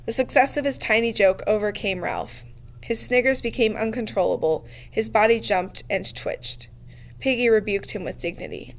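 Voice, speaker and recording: Woman reading a book aloud, steady and even, middle pitch. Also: moderate pace. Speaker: reader.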